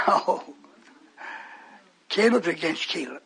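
A man's voice: very high-pitched, lively intonation, unhurried, gravelly, fairly bright tone, slightly rough. An older man preaching a fervent, rambling radio sermon to his congregation in a church hall, breaking off into stories.

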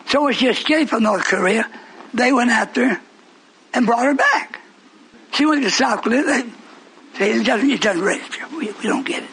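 A man preaching a sermon with passion, swinging from shouts down to whispers and rhetorical questions. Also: very high-pitched, slightly rough, low-quality recording.

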